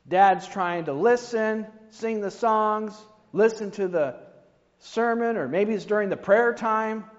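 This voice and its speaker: Man, sermon, fairly high voice, long hall echo, dull muffled sound. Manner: conversational, rhetorical asides. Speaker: preacher. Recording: dull reverberant hall recording.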